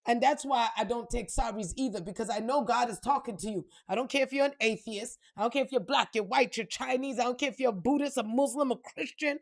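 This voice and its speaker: High-voiced woman ranting bluntly. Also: fast talker, hardly any pauses. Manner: blunt, profane, heated. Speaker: spiritual reader and vlogger. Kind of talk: unscripted rant to camera.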